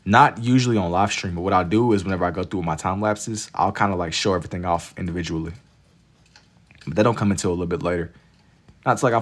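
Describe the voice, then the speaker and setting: Deep-voiced laid-back young man streaming. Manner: laid-back slangy banter with chat, frequent laughs. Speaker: livestream artist. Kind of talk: casual livestream chat.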